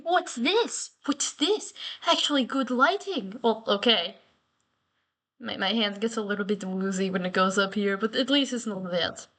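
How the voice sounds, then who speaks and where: In a medium-pitched, slightly bright voice at normal speed, a woman chats on her daily talk vlog, keeping it casual and playful and drifting freely from one topic to another.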